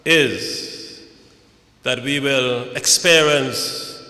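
A man preaching a sermon at a memorial service, slow and measured, building to dramatic recitation. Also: medium pitch, fairly even intonation, sharp tone. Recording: echoey hall.

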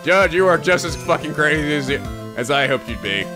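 A young man hosting a let's play, giving loud, excitable, profane comedy commentary with lots of laughing. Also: on the high side, a little fast, over music.

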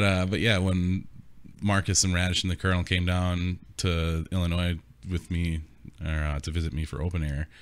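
Deep-voiced laughing storyteller man. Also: fairly bright tone. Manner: rambling storyteller who laughs often and swears freely. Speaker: podcast co-host. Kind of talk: casual chat.

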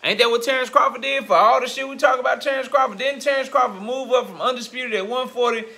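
A man hosting a boxing commentary channel, ranting bluntly and profanely in casual slang, growing louder and heated as he goes. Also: very high-pitched, quick pace, creaky. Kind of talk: casual opinion rant.

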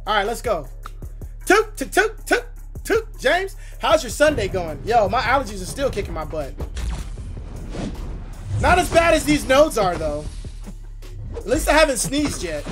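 Streaming a mobile game live, this man gets excited, yelling and laughing at his opponent in playful slang. His voice is extremely high in pitch.

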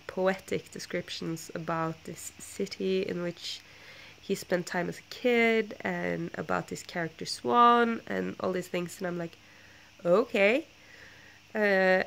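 A young woman vlogger with a stuffy, congested nose tells a casual story. Her low voice carries a gravelly fry, and she rambles along with plenty of fillers and restarts. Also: a bit bright, slight background noise. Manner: chatty, rambling, with many fillers and self-corrections. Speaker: book vlogger.

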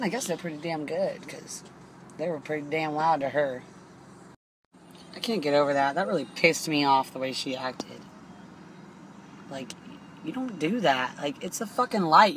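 A woman's voice: low-pitched, a bit bright, slight background noise, rough recording. A young woman ranting into her phone from a parked car, swearing and exasperated as she retells an argument. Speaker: vlogger. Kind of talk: indignant profane rant.

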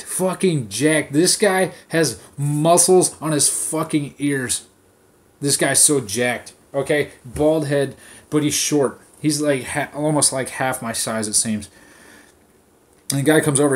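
A man hosting a podcast, ranting in a casual, profane style and telling an animated story, recorded on his phone. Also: a little high. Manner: swears constantly, animated storytelling. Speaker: podcast host.

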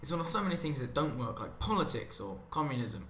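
A commentary channel host, male, talks fast in a slightly high, sing-song voice with a bit of brightness and a faint hiss or hum. He rambles sarcastically over gameplay and keeps wandering onto tangents. The room is echoey with a little ambient sound.

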